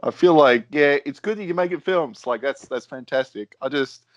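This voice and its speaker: A man co-hosting a podcast in casual chat, animated, restarting sentences and acting out quotes. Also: a little high, moderate pace, no echo, muffled recording. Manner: animated, stammering restarts, laughs often. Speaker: podcast co-host.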